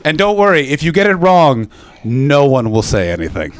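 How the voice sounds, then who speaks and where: A man's voice: medium pitch, expressive, moderate pace, few pauses, crowd noise. A man from Canada, doing live stand-up and teasing the audience with brash, profane banter. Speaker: stand-up comedian. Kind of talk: live stand-up with crowd work.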